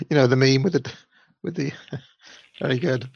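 Gravelly man making wry asides. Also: mid-range voice, takes it slowly, darkish tone, dry recording. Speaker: co-host reading the live chat. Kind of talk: casual chat. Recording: dry lo-fi sound.

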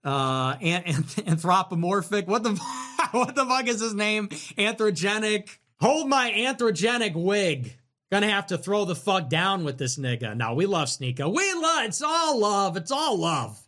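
A man with a high, bright voice rants through a livestream, sarcastic and mocking as he goes. His pitch leaps all over the place and he jabs hard at every point. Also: big pitch swings, unhurried. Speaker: livestream host. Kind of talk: livestream commentary rant.

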